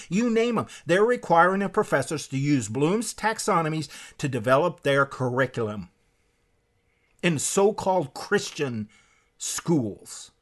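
Male preacher, fairly high pitch, emphatic and fiery, reads quotes aloud from a book. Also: expressive, unhurried. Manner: emphatic, with sharp swings in pitch and loudness. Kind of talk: impassioned sermon-style lecture.

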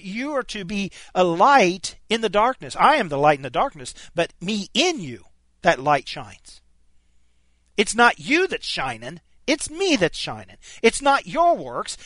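A man's voice: high-pitched, sharp tone, no echo. A man preaching a sermon, emphatic and stopping often to restart his words. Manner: emphatic, frequent stammered restarts.

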